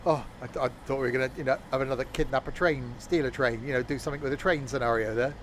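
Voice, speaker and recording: A worn-out man rambles through relaxed live-stream commentary, laughing at himself as he goes. His voice sits in an ordinary middle pitch. A faint hum runs underneath. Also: racing. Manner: rambling, self-mocking, chuckling often. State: very tired.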